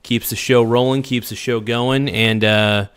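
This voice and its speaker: Guy hosting a stream, blunt and rambly, mid voice, kinda unhurried. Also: mid-range voice, steady tone, a bit bright, clear, resonant tone, dry recording, clean studio sound. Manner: rambling, blunt, reads out viewer comments. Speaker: livestream host. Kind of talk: casual livestream chat.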